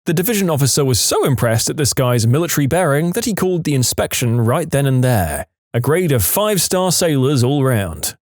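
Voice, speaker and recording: A man narrating reddit stories aloud in a lively storytelling manner, with brief voiced quotes. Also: fairly high pitch, dry recording, studio quality.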